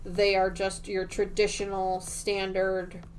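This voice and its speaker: A woman's voice: medium pitch, monotone, takes it slowly, a little mellow. A middle-aged woman hosting a quilting livestream, chatting casually and rambling with many ums and restarts while she sews at home. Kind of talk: casual chat while sewing.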